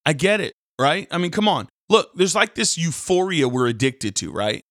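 A man, a pastor hosting a daily devotional, preaching casually with sudden jumps into loud mocking voices. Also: a little high, sing-song, moderate pace, no room sound, studio quality. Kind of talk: energetic devotional sermon.

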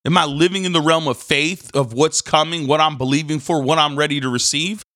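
Animated man telling rambling stories. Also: a little high, fairly quick, no room sound, studio quality. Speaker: minister and podcast host. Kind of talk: casual faith podcast talk.

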